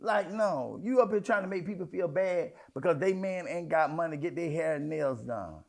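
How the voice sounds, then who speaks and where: Give me a man preaching a sermon, folksy and conversational, dropping to near whispers and rising to shouts. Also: on the high side, expressive, moderate pace, creaky. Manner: conversational preaching, swings between hushed asides and loud outbursts; folksy, addresses congregation as y'all, child, honey. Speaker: apostle preaching.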